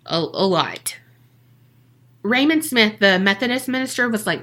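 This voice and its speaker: A slightly high-voiced woman talks at a moderate pace, with a faint hiss or hum in the background. As a podcast co-host she tells a story casually, animated and swearing, acting out quoted people in slang.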